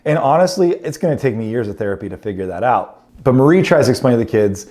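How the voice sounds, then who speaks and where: A man's voice: medium pitch, expressive, quick pace, few pauses, warm tone. A man in his thirties, a pastor telling a family story in a sermon with humorous, self-deprecating asides.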